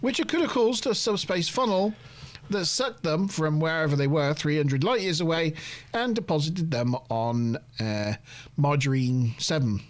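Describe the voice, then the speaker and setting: Man, podcast host, slightly high voice, rambling, self-deprecating, lots of fillers. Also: expressive, moderate pace. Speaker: host of a TV review show. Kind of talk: casual podcast chat and episode recap.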